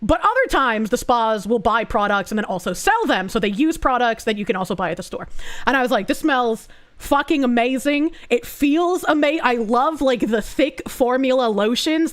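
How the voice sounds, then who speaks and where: A woman streamer telling a story in casual chat, rambling, swearing freely and filling her sentences with "like". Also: a little high. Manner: rambling and profane, full of fillers like "like".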